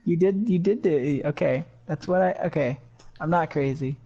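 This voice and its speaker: A man's voice: fairly high pitch, normal speed, dark tone. A man co-hosting a casual gaming podcast, easy-going and goofy, giggling often. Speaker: podcast co-host. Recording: slightly dull lo-fi mic.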